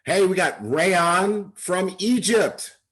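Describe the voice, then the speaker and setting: A man hosting a weekly livestream training, reading out viewer shout-outs in an upbeat, hyped-up way. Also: high voice, slow, slight background noise, poor audio. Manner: upbeat, hype. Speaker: host.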